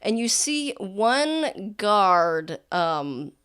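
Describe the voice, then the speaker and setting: A woman's voice: mid-range voice, very animated, very slow, a bit bright, clean tone. A woman narrating a tabletop game as game master, in a rambling, filler-heavy way.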